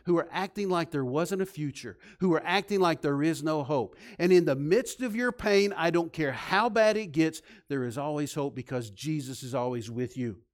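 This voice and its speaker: Male pastor, slightly high voice, emphatic sermon delivery that drops to near-quiet. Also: normal speed, hardly any pauses. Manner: swings from loud emphatic to soft and low.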